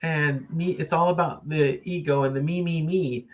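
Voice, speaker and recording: A man's voice: a little high, steady tone, moderate pace. A man hosting a casual late-night live stream, musing at length with many fillers and reading out viewer comments. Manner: reads viewer comments aloud and greets viewers.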